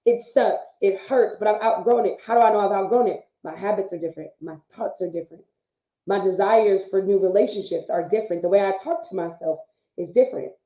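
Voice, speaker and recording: A woman's voice: mid-range voice, a little fast, mellow. A woman co-hosting a live talk show, speaking in an earnest, preachy, repetitive motivational way. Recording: phone-like livestream audio in an echoey room.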